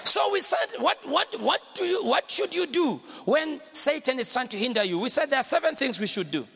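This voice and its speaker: A male pastor delivering a fiery sermon, often shouting and calling on the congregation to answer back. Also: extremely high pitch, big pitch swings, moderate pace, creaky, big-room sound, faint music behind. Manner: fiery preaching with shouted call-and-response.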